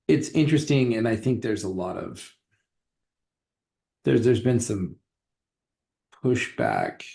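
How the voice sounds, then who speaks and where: A man with a lowish, mellow, relaxed voice talks casually on a podcast. He is a history teacher, and he rambles through his thoughts with restarts and a lot of fillers.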